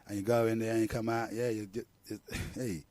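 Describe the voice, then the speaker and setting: A man's voice: fairly low pitch, level tone, a little fast, a little mellow, dry recording. A middle-aged man with a London accent, hosting a radio talk show in a rambling, slangy storytelling way. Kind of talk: casual monologue.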